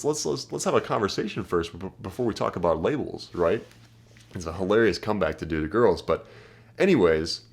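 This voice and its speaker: A young man giving brash, profane dating advice, acting out pickup lines in a casual monologue. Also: on the low side. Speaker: dating coach.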